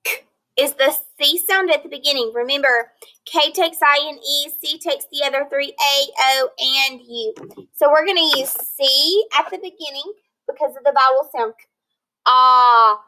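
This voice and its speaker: Woman, phonics teacher, high bright voice, patient and encouraging. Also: steady tone, rough recording. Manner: slow, clear, encouraging teacher talk, sounding out words. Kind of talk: recorded phonics lesson for children.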